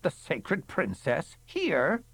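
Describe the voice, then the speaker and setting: A man's voice: high-pitched, big pitch swings, normal speed, a bit bright, slightly rough, pitched above the performer's own voice, heavily acted. A man voicing a fussy, querulous bystander in a raised, questioning voice. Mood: puzzled.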